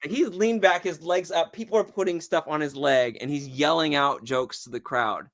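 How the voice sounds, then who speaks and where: Man spinning an animated comedy anecdote. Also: fairly high pitch, moderate pace. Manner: animated, acts out quoted voices in a long anecdote. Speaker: guest comedian. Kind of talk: casual storytelling.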